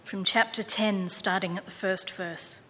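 A woman reading aloud with a crisp, bright tone, pacing her words in a clear, measured way. Her voice trails off into a long hall reverb. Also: medium pitch, steady tone, a little hiss or hum. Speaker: reader. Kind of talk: reading scripture and a picture book aloud.

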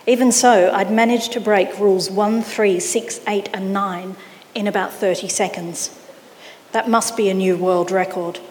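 A woman reading a children's story aloud with expressive delivery, in an echoey hall. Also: mid-range voice, a little slow, a little hiss or hum.

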